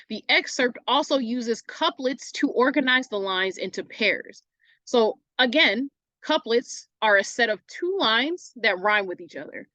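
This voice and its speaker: A woman's voice: a little high, sharp tone, no room sound. A woman teacher giving a recorded online English lesson, casual and self-correcting, often asking "right?" as she goes.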